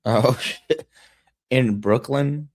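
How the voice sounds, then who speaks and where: A man's voice: mid-range voice, very slow, no room sound. A man hosting a podcast, telling crude stories in casual chat and laughing at his own jokes. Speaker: podcast host.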